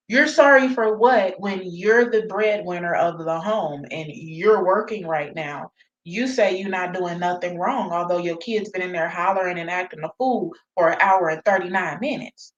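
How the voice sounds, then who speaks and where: A woman's voice: fairly low pitch, normal speed. A woman mocking someone in a casual commentary, sounding incredulous. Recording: dull, roomy clip audio.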